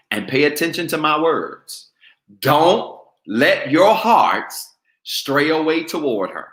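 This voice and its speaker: Male preacher, sermon, wildly animated pitch, echoey church. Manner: call-and-response preaching, goading the congregation. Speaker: pastor.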